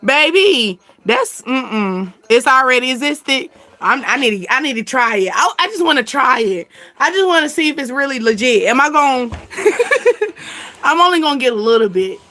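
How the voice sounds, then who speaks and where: A woman chatting casually as a channel host, animated and slangy, laughing often. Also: sits high, moderate pace. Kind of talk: casual chat.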